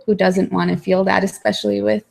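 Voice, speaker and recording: Woman, online co-host, flat pitch, gravelly, affirming, casual. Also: brisk. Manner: affirming, agreeable interjections. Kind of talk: casual chat.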